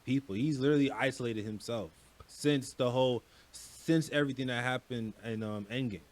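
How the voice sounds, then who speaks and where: A man's voice: medium pitch, normal speed. A man co-hosting a podcast, pushing back with short, laid-back replies in casual chat. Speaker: podcast co-host.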